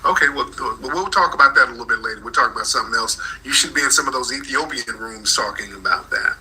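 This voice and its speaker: Man, call-in host, combative, repetitive, very bright tone. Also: mid-range voice, quick pace, a little hiss or hum, rough recording. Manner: combative, repeats accusations insistently. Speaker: host of a live call-in audio room. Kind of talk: confrontational call-in talk.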